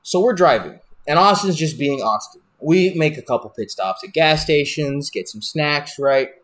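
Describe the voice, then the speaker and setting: A young man, a wrestler on a podcast, telling a road story in a profane, animated, rambling way with lots of restarts. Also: fairly high pitch, normal speed. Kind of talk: casual storytelling.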